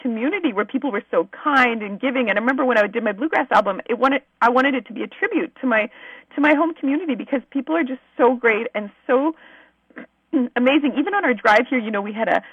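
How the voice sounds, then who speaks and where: A woman's voice: fairly high pitch, fast talker, husky, dry recording, narrow, tinny audio. A woman from Manitoba, Canada, a musician guest, telling stories in an effusive, chatty way. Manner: effusive, bubbly storytelling. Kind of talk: casual interview chat.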